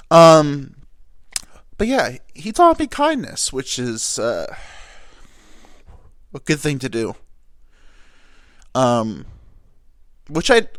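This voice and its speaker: A young podcast host with a mid-range voice sounds nasal and teary, as if he has just cried, while telling a rambling personal story full of fillers and self-corrections. The recording is dry, clean studio sound.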